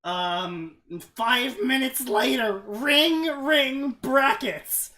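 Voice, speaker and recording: A man's voice: extremely high pitch, extremely slow, bright, forceful tone. A man co-hosting a livestream, reading fanfiction aloud with playful, mock-dramatic delivery over an online call. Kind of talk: joking livestream banter.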